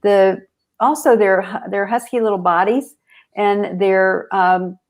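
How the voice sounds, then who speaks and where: A woman appearing as a guest on a podcast, explaining her views in a thoughtful, measured way. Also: medium pitch, fairly even intonation. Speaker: guest author. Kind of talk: casual podcast chat.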